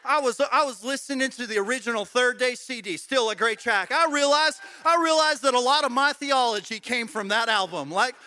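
A middle-aged man preaching a sermon to his congregation, shifting between loud exhortation and quiet, joking asides. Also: extremely high pitch, fairly quick, few pauses. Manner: swings from loud shouted exhortation to quiet, intimate talk; conversational and joking, with playful asides. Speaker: pastor. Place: church sanctuary with congregation.

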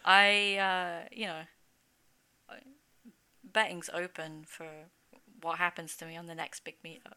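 Woman podcast guest, bright and crisp voice, chatty and self-deprecating. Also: fairly low pitch, fairly even intonation, unhurried. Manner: chatty, self-mocking, laughs often. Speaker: guest, game producer. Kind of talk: casual podcast chat.

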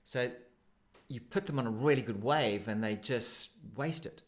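A surf coach with a South African accent talks casually at normal speed in a medium-pitched voice. In this instructional chat he explains technique and demonstrates it.

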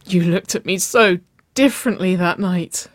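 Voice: medium pitch, slow, breathy edge, dry recording, studio quality. A reader voicing a desperate young woman in love, breathless and pleading, slipping into whispers. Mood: confessional.

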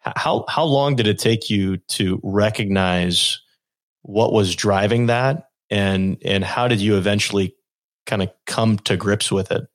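Host: man, lowish voice, long rambling questions. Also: measured pace. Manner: rambling, restarts while framing questions. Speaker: podcast host. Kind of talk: interview questions.

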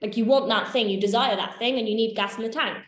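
A fast-talking woman with a slightly high voice runs a workshop. In the echoey room she chats informally, swears casually, and keeps checking that listeners are following.

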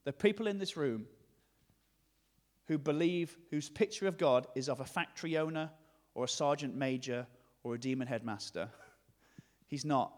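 A man's voice: fairly high pitch, normal speed, long pauses. A man with a northern English accent preaching a conversational, jokey sermon in a church hall. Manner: lively, conversational, jokey preaching with sudden shifts between hushed and loud.

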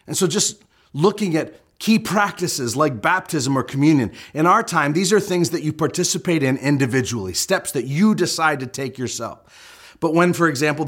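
A man's voice: fairly high pitch, fairly bright tone. A middle-aged man preaching a sermon, explaining step by step and leaning hard into his key points. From United States. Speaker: pastor.

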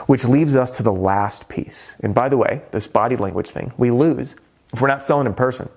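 A man's voice: medium pitch, moderate pace, a little mellow. A middle-aged man coaching on roofing sales, talking energetically and shifting his tone and pace to make his points. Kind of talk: coaching monologue to camera.

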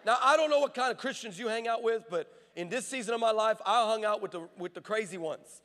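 A man preaching a sermon, telling stories in an animated, playful way that often breaks off and restarts. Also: high-pitched, fast. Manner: animated, playful storytelling with frequent self-interruptions. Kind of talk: sermon with comic storytelling. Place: large armory hall. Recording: long reverb of a large hall.

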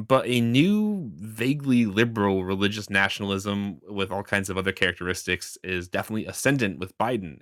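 A man hosting a podcast with a fairly low, bright and forceful voice. He talks casually and jokes, often chuckling mid-sentence. The sound is close and dry, with no room around it. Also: no room sound. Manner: jokey, chuckles while talking. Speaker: podcast co-host.

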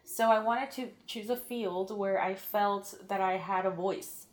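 A woman's voice: medium pitch, unhurried. A young woman of Mexican-American background who works in radio and TV, answering interview questions in a chatty way and filling her talk with "like". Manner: chatty, fills with "like", acts out quoted lines. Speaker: radio and TV media personality, guest.

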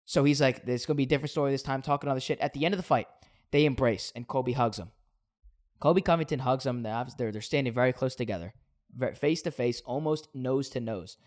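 A man co-hosting a sports podcast, telling a story in an animated casual way with frequent swearing. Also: mid-range voice, fairly quick. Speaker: podcast co-host.

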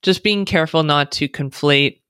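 A woman's voice: low voice, normal speed, a bit bright, clear, resonant tone, no echo, studio quality. An American woman speaking as a podcast guest, chatty and sarcastic, often laughing as she talks. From United States. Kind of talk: casual podcast interview.

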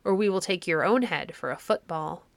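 A woman voicing an angry crowd of idle townsfolk in a storybook reading, shouting and jeering. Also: lowish voice, normal speed, gravelly, dry recording.

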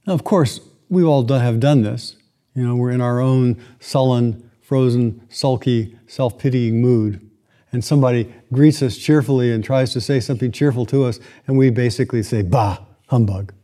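A man giving a sermon, retelling a classic story with reflective, slow dramatic pauses. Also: mid-range voice, dark tone.

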